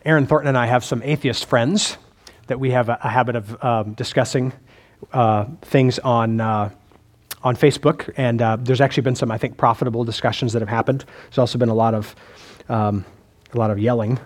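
The pastor speaks fairly quickly in a steady, mid-range voice. He preaches in a chatty way, questioning his audience and regularly backing up to restart sentences.

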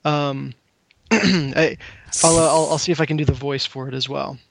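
Slightly high-voiced man hosting a quiz. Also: normal speed, vocal fry, dry recording. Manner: playful, stammering restarts. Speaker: quiz host. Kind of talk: casual online chat.

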